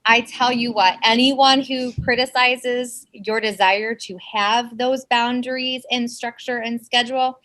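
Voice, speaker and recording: A woman's voice: on the high side, fairly even intonation, measured pace, hardly any pauses, a bit bright, low-quality recording. A woman co-hosting a podcast, talking in a passionate, sassy, emphatic way. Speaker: podcast co-host. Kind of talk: casual chat.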